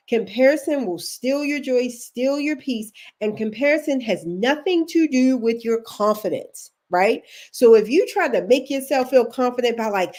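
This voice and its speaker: A leadership career coach from Baltimore, United States, with a Baltimore accent, gives a chatty, encouraging coaching talk to her live-stream viewers. Her voice is a little high and a little mellow.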